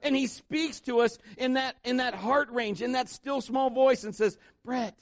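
A man's voice: extremely high pitch, normal speed, no echo. A man preaching a sermon in church, mixing jokes and acted-out quotes into his message. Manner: joking asides, voices quotes. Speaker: pastor.

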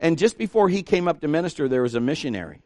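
A middle-aged man delivering a sermon with a slightly high voice. He acts out the people in his story, sometimes loud, sometimes hushed. The sound is dry and close. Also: quick pace, no echo. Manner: animated, acts out dialogue, shifts between loud and hushed. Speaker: preacher.

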